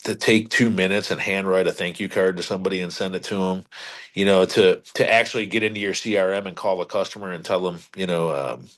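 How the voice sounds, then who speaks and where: A middle-aged man with a somewhat low voice talks shop as a guest on a podcast. He is a car dealership leader who speaks bluntly and emphatically, with a little salty language. He often repeats himself and restarts his sentences as he builds his point. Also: steady tone, fast. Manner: salty, blunt sales talk. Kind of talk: casual interview talk.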